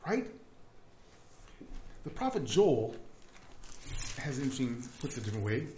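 A man preaching a sermon in a lively, conversational way, often checking in with "right?". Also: mid-range voice, moderate pace, a little hiss or hum. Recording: echoey room, dull lo-fi sound.

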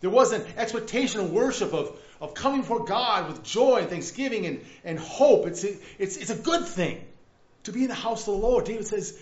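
A man preaching a sermon in a lively, conversational way, often checking in with "right?". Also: high voice, brisk. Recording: echoey room, dull lo-fi sound.

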